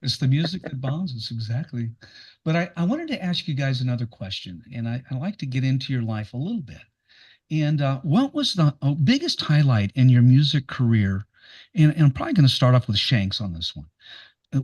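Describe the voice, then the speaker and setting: A man's voice: medium pitch, darkish tone. Chatty American male podcast host. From United States. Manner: rambling, enthusiastic, with laughs. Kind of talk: casual interview chat.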